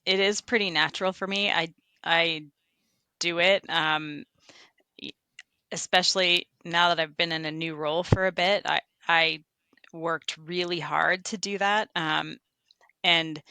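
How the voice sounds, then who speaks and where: A woman's voice: on the low side, gravelly, dry recording. A woman, a construction estimator, talking reflectively in a casual interview and telling workplace stories. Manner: reflective, animated storytelling. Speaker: podcast guest, construction estimator.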